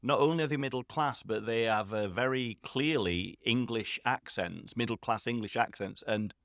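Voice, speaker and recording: A man from the United Kingdom co-hosting a podcast, hesitant and thinking aloud as he restarts his sentences. His voice sits at a middle pitch with a dry, close sound. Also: moderate pace, a bit bright, no room sound. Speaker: podcast co-host. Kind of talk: casual podcast chat.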